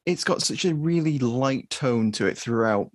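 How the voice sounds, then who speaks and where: A man co-hosting a film podcast, talking through a war film in a measured, thoughtful way. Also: medium pitch, expressive, no echo. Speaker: podcast co-host. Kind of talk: casual film discussion.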